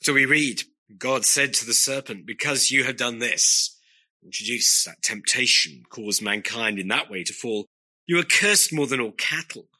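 A man preaching a sermon to his congregation, earnest and emphatic, leaning on slow, stressed phrases. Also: medium pitch, lively intonation, bright, forceful tone.

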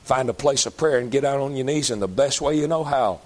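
A man's voice: medium pitch, a little fast. A man preaching an evangelistic sermon, fervent and emphatic, pleading with his listeners.

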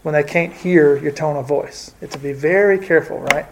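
Man, Bible teacher, fairly high voice, halting, casual lesson. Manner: hesitant, many fillers and restarts.

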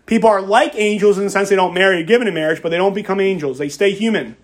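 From the pulpit, a man with a fairly high voice delivers an expository sermon at a very fast pace. He reads scripture aloud, then drives his point home by repeating key phrases with emphasis.

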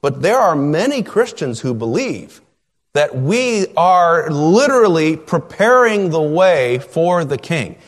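A man preaching an expository sermon, emphatic and drawn out, with sudden shouts and quiet asides. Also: fairly high pitch, very animated, slow pace. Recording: long hall reverb.

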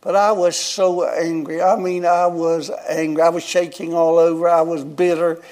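A man's voice: on the high side, level tone, moderate pace, darkish tone. A man, telling a personal story in a folksy, rambling sermon and chuckling often. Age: 70s. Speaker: guest preacher.

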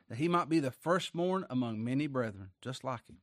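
A man preaches a sermon, reading scripture aloud. His voice sits a little high and swings between emphatic peaks and quiet asides. The sound is dry, close and clean. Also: animated, fairly quick, hardly any pauses, dry recording.

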